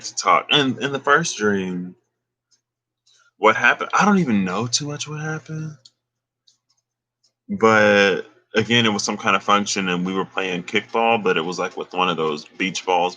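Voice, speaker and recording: A man casually recounting a dream, relaxed and slangy, chuckling now and then. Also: deep voice, normal speed. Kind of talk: casual storytelling.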